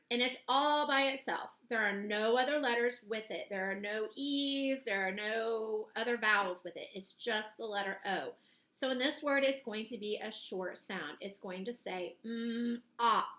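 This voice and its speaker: A woman teaching a phonics lesson to young children, speaking slowly and clearly and sounding out words in parts. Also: on the high side, bright, forceful tone. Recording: echoey room.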